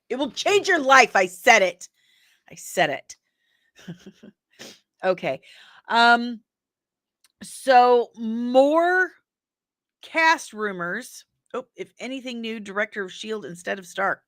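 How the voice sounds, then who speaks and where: A woman's voice: mid-range voice, fairly bright tone, no room sound, clean studio sound. A woman hosting a casual entertainment news show, chatty and rambling with jokey asides. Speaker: host.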